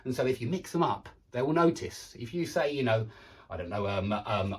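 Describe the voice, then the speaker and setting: A man's voice: medium pitch, animated, moderate pace. A man with a southern English accent teaching pronunciation online, repeating words with exaggerated contrast and chatty asides. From southern England.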